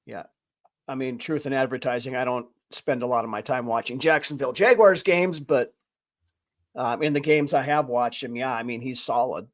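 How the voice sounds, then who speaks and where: A man's voice: mid-range voice, normal speed. A man hosting a casual sports chat, thinking aloud in a rambling way as he goes. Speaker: podcast host.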